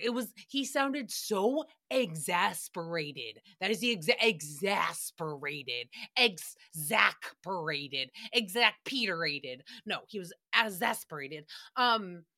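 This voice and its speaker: A woman hosts a solo recap podcast in a fairly high, bright, forceful voice. She talks in a chatty, profane way, often laughing and acting out stories with drama. Her delivery is loose and unfiltered. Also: big pitch swings, measured pace, hardly any pauses. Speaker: podcast host.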